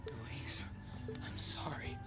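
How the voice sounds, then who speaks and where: A remorseful young hero who speaks barely above a whisper, voiced by a man in a game. Loud game music swells around his soft words. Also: slow, natural voice. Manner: hushed, remorseful. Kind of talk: video game voice acting.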